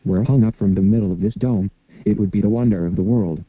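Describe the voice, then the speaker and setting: A man voicing a wicked male magician in disguise, speaking in a sly, flattering way, on a dry, phone-like recording. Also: fairly low pitch, fast talker, slightly rough, dry recording. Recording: dry, phone-like narrow sound.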